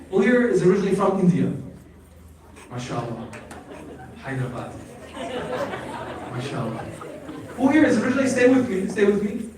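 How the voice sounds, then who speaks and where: A man's voice: high-pitched, a little mellow, a little hiss or hum. A man giving an emphatic religious lecture to a live audience, calling out questions to the crowd. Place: large hall at an Islamic center. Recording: echoey hall, voice from far off.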